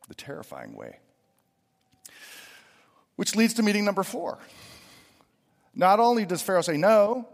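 A middle-aged man preaching a sermon, lively and expressive, swinging from loud emphatic lines to hushed asides. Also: fairly high pitch, vocal fry, big-room sound. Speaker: pastor.

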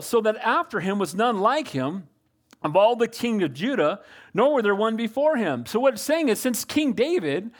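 High-voiced preaching man. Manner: preachy, calls for amens, shifts from loud to soft. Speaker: pastor. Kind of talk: sermon.

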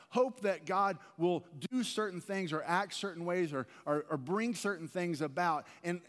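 A man preaching a sermon as pastor, earnest and conversational, often restarting his phrases. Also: high voice. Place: large church sanctuary. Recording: long reverb of a church hall.

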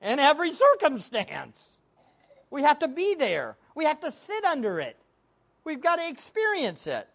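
Emphatic female preacher, high and very animated, call-and-response style. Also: moderate pace. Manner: emphatic, asks the audience questions and answers them herself. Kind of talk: sermon.

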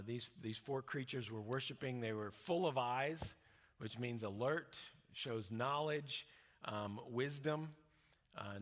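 A man preaching a teaching sermon in a loose, conversational manner, often stumbling and restarting as he explains. His voice sits at an ordinary middle pitch and sinks quiet and low when he quotes scripture. The sound carries a long reverb, as in a church hall. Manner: conversational, with many fillers and restarts; drops soft and low when quoting scripture.

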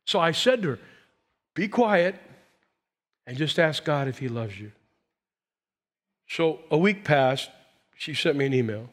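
A man in his sixties preaching as a pastor, swinging from loud emphasis to hushed quiet. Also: fairly high pitch, lively intonation, unhurried, long pauses. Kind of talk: sermon.

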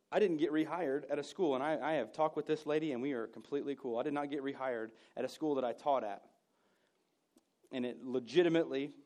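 With a slightly high voice, a man delivers a sermon that is chatty and pokes fun at himself, alternating quiet asides with loud bursts of emphasis.

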